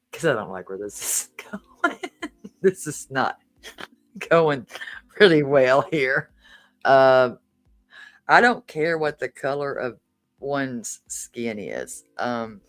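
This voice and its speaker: A woman from Tennessee with a Southern accent, reacting live to a video. She talks slowly and stretches her words, and her pitch swings widely as she exclaims in disbelief and swears. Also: a bit bright. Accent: Southern American. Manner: incredulous, exclaiming, swearing, drawn-out.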